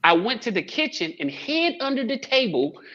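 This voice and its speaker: A man telling a lively story on a panel about fathers, acting out quoted lines and swearing casually. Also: very high voice, normal speed. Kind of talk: animated storytelling. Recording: dull lo-fi sound.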